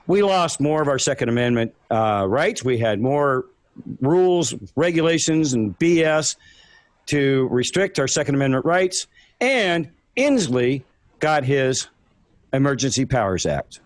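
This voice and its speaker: A man's voice: medium pitch, sing-song, measured pace, no room sound. A man calling in to a talk show, venting his frustration. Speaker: caller. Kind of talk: call-in talk.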